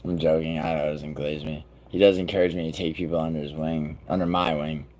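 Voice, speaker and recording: A man hosting a live stream, chatting loosely with viewers in a profane, rambling way, with sudden loud outbursts. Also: rumbling low, little pitch movement, a little fast, slight background noise. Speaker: livestream host. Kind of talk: casual live-stream chat reacting to viewers.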